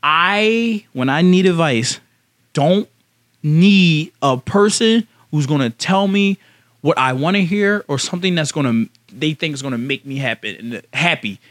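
A young man co-hosting a casual podcast with friends. He argues insistently and keeps cutting back in to make his point. His voice sits high and swings widely in pitch. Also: lively intonation, a little slow, a bit bright. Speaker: podcast co-host. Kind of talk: heated casual chat.

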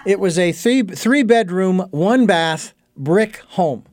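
A man hosting an interview, asking slow, reflective questions and sharing his own memories with some hesitation. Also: high voice, animated, a little mellow, dry recording, clean studio sound. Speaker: interview host.

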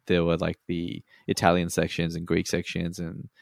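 A man's voice: low voice, completely flat delivery, normal speed, gravelly, dry recording, clean studio sound. A laid-back Australian man in casual chat, swearing freely and laughing often.

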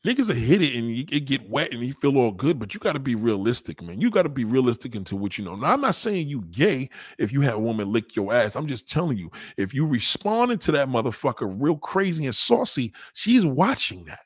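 A man's voice: mid-range voice, very animated, brisk, few pauses, slightly rough, dry recording, studio quality. A man doing a crude, profane stand-up routine, brash and blunt, acting out the voices of the people in his stories. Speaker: stand-up comedian.

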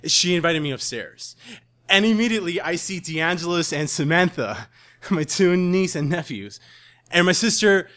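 Give me an earnest young man telling a dramatic story, bright and forceful. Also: high voice, expressive, moderate pace. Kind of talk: live storytelling.

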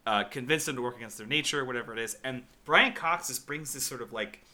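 A man's voice: mid-range voice, quick pace, bright, forceful tone. A man co-hosting a casual movie review podcast, recapping scenes with wry, profane exasperation. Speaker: podcast co-host.

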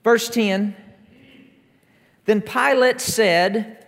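A man preaching a sermon, emphatic, stacking repeated declarations that build up to shouts during a church service. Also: extremely high pitch, normal speed. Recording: long reverb of a large hall.

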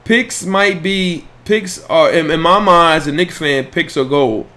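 A podcast host with a slightly high voice speaks unhurriedly on his casual sports podcast livestream. He's animated, talking loose, profane trash and bantering directly with viewers.

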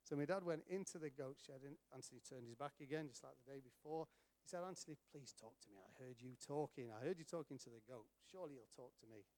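A middle-aged man telling an animated story to an audience, acting out the voices of the people in it. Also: medium pitch, fast talker. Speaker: speaker at a charity event. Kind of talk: storytelling talk.

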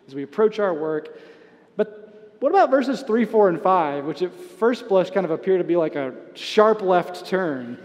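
A man preaching a sermon as pastor, conversational, with soft asides and light chuckles. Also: a little high, big-room sound. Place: church sanctuary.

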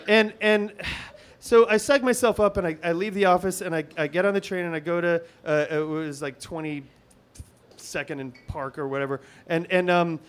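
Man, middle-aged, high voice, comic storytelling, halting, many restarts, animated. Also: clear, resonant tone. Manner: nervous, halting, full of restarts and fillers; animated, swings from hushed to excited.

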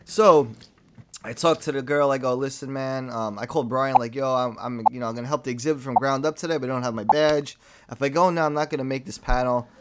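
A man telling a story in casual chat, animated and profane, acting out what people said. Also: mid-range voice, quick pace, a little hiss or hum. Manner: animated, profane, acts out quotes.

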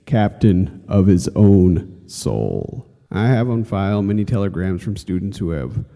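A man's voice: sits low, creaky, dark tone, big-room sound. A man reading an inspirational course lesson aloud, earnest and exhorting, speaking straight to the listener. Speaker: course instructor.

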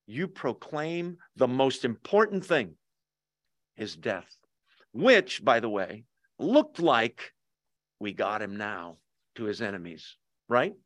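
A pastor leads a casual Bible study in a church hall, with viewers also joining over Zoom, keeping things conversational and jokey and throwing quick questions to his audience. His voice sits a little high for a man. The audio is dry and close, with almost no room echo.

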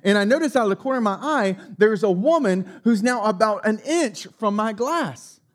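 Male pastor, high voice, lively self-mocking storyteller. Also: fairly quick. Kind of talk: sermon with a personal story.

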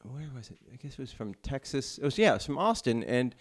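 A man's voice: mid-range voice, sing-song, quick pace. A man co-hosting a casual podcast chat, wry and dry, cracking jokes and checking in on the others. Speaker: podcast co-host.

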